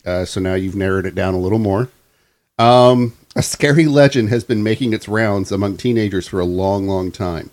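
A young man co-hosting a casual podcast, reading out a local legend in a relaxed way and laughing often. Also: on the low side. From Florida. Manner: laid-back, laughs often. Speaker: podcast co-host.

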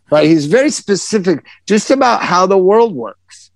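A man in casual chat who tells lively stories, swears freely and breaks into quick asides. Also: high voice, gravelly, no echo.

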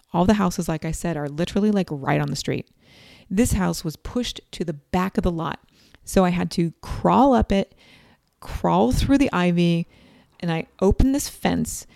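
A woman in her forties telling a personal story in a chatty, animated way, acting out quoted lines. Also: on the low side, creaky, no echo, clean studio sound. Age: 40s.

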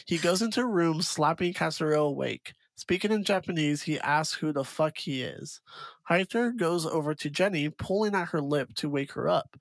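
A man in casual podcast chat, recapping a plot in a relaxed, hesitant way with many fillers. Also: on the high side, no room sound.

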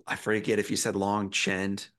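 A man's voice: lowish voice, completely flat delivery, normal speed, a bit bright. A man hosting an interview, asking easygoing, conversational questions. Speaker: interview host.

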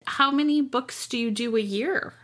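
A woman's voice: a little high, normal speed, fairly bright tone. A woman who is an author and podcast host, asking friendly questions in a casual interview.

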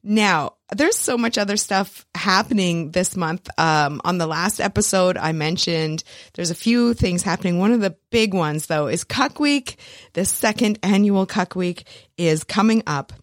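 A woman hosting her own podcast in a casual, animated solo chat, laughing often and swearing freely. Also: fairly low pitch, a little slow, no echo, studio quality. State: recovering from recent illness. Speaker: podcast host.

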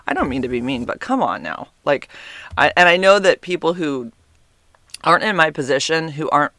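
A man hosts his podcast in loose, rambling chat, his fairly high voice carrying a bright, forceful edge. He is animated and exclaims often, full of fillers. The sound is dry, with little room in it. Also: fairly quick, no room sound. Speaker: podcast host. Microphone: podcast microphone, sitting a bit back from it.

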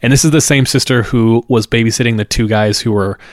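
In a dry, studio-quality recording, a man hosting a podcast tells a story loosely and conversationally. His medium-pitched voice is fairly quick with fairly even intonation, and he repeats words and uses fillers.

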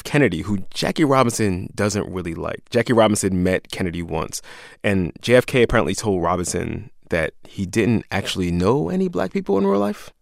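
A man's voice: on the low side, gravelly, no room sound, clean studio sound. A man co-hosting a podcast, telling a history story in a casual, jokey way and laughing often. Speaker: podcast co-host.

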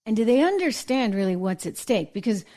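A woman hosting a political talk show speaks in a fairly high voice. She argues her case in an emphatic, conversational way. She keeps turning to the viewer with quick check-ins. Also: very animated, a little mellow. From New England. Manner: emphatic, conversational, asks viewers "right?" and "okay?". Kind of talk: opinion monologue.

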